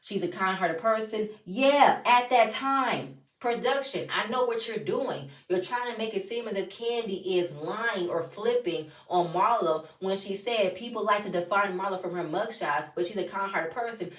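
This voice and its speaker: A woman's voice: medium pitch, moderate pace, few pauses. Woman, casual TV recap, blunt, profane, sassy, echoey room, distant mic. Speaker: reality TV reviewer. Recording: roomy, voice from a distance.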